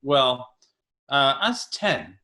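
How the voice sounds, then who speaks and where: A man's voice: mid-range voice, very animated, slow pace, sharp tone. A man in his thirties co-hosting a podcast, chatting casually and animatedly, laughing often and leaning on fillers. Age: 30s. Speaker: podcast co-host. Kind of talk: casual chat.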